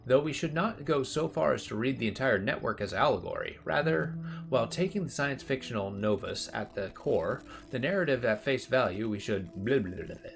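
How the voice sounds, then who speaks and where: A man's voice: medium pitch, animated, moderate pace, creaky, faint music behind. A man streaming a puzzle game, commenting casually and reading the on-screen text aloud with offhand remarks.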